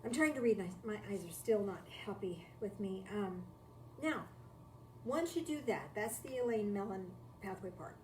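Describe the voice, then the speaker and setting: In an echoey room with a distant mic and faint noise, a woman of medium pitch talks at a moderate pace with an animated delivery. She is a spiritual teacher live-streaming from home, and her talk is reflective and conversational, full of repeated key phrases and rhetorical questions.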